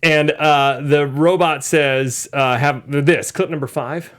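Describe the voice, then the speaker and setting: A man co-hosting a casual movie podcast, joking and swearing as he recaps scenes. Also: fairly high pitch. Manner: animated, swearing, quick asides. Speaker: podcast co-host.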